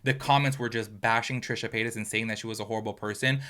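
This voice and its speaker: Fast, bright-voiced male commentator. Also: lowish voice, steady tone. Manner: blunt, opinionated, chatty. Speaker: commentary channel host. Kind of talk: drama commentary.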